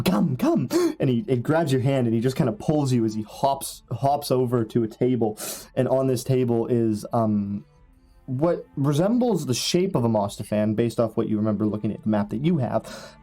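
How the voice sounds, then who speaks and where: A man's voice: medium pitch, normal speed, warm tone, faint music behind. A man narrating a tabletop game as game master, rambling with many fillers.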